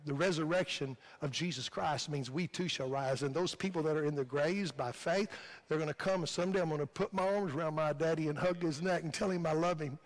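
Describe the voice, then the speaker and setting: A male pastor with a Midwestern American accent delivers a sermon in a fervent, repetitive cadence, his voice a little high and a little fast. He was recorded in a church sanctuary, and a long hall reverb trails his words.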